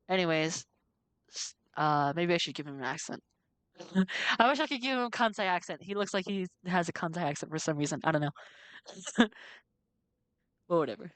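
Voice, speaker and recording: A woman's voice: fairly low pitch, expressive, moderate pace, pauses often, fairly bright tone, no room sound. Female let's-play host, casual and giggly, close dry sound. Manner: chatty and giggly, swears when startled. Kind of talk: game commentary, reading game text aloud.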